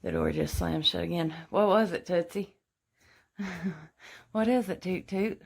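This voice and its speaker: A young woman walks through her house filming on a handheld phone, speaking in a frantic, rambling manner laced with swearing. Her pitch is fairly low, her pace measured, and there's vocal fry in her voice.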